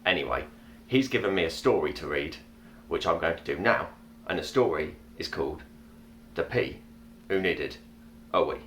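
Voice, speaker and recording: A man putting on a well-known actor's voice to read a rhyming story in an earnest, deliberate way over a video call. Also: deep voice, lively intonation, fairly bright tone, a little hiss or hum. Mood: chatty. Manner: earnest, deliberate reading of tongue-twisting rhymes. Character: male celebrity impression, a grown man reading a silly story. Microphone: webcam or laptop mic on a video call.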